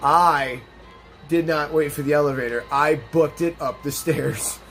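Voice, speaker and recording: A young man with a fairly high voice rambles through a let's-play, mixing game chatter with a long, profane anecdote. He talks casually and animatedly. Faint game music plays under his voice. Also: fairly even intonation, a little slow, a bit bright. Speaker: gaming channel host.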